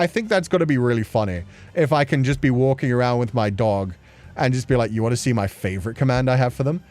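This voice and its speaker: A man chatting casually on a livestream, playful and quick to laugh, answering questions from chat. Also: medium pitch, darkish tone. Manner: chatty and playful, laughing often between thoughts. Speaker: streamer. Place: at home.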